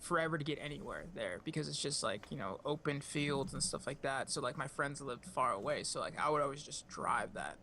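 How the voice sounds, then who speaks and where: A man's voice: expressive, fairly quick, hardly any pauses. A young man co-hosting a podcast over a call, telling laid-back stories full of "dude" and "like". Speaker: podcast co-host. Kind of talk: casual chat over a call. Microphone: video call. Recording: faint background noise, low audio.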